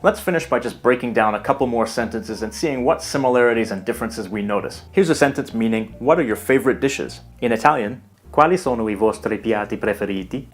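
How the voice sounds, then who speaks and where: A man giving a scripted language lesson in a measured, explanatory way. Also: mid-range voice, faint music behind. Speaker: language teacher. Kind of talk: scripted educational narration.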